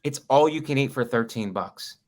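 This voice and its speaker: A man's voice: medium pitch, moderate pace, a little hiss or hum. A man co-hosting a comedy podcast, riffing with wry jokes and puns. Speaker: podcast co-host. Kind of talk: casual chat.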